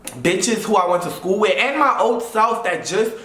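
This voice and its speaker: A young man from Brooklyn, telling a storytime vlog in an animated way and mimicking the people in it. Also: high voice, normal speed, roomy sound. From Brooklyn, New York. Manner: animated, mimics voices, says blah blah. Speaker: YouTuber. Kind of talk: storytime while getting ready.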